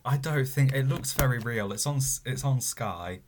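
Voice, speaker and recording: A young man chatting casually on a podcast, hesitant and deadpan, with many fillers as he reads out news. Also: mid-range voice, normal speed, a little hiss or hum. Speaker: podcast co-host. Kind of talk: casual chat, reading news aloud.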